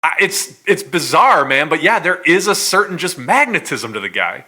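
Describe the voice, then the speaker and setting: A man co-hosting a podcast, arguing his points in lively casual chat. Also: on the high side, normal speed, breathy edge. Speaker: podcast co-host.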